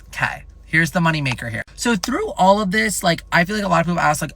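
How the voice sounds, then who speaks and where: A young man in his twenties telling a casual storytime vlog in an animated, profane, rambling way. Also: a little high, quick pace, vocal fry, few pauses. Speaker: content creator.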